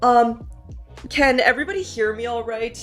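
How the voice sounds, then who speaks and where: A bubbly woman streaming from home, her voice sitting a bit high as she chats loosely and giggles between fillers. Faint music plays softly behind her home mic. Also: moderate pace. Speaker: streamer hosting a science stream. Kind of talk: casual chat.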